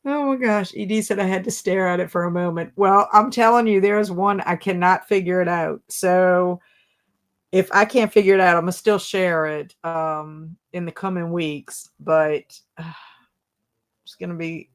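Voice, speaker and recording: A woman's voice: lowish voice, steady tone, normal speed. A woman hosting a casual book livestream, reading viewer comments aloud and laughing often. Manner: giggly, chatty, laughs often at viewer jokes. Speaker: booktube livestream host.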